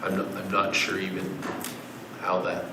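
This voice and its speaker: A man in a council budget meeting, explaining points in a measured way. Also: low-pitched, completely flat delivery, noisy background. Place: council chamber. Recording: distant roomy chamber mic.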